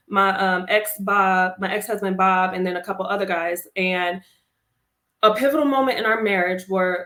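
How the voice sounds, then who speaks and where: Candid woman telling her story in a roomy space. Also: mid-range voice. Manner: candid and expressive, acts out her own past lines. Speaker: interview guest, army veteran.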